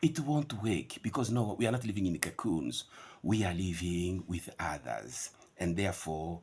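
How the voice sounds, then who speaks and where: Middle-aged male pronunciation teacher, low husky voice, animated lecturing delivery. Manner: repeats words slowly to model pronunciation.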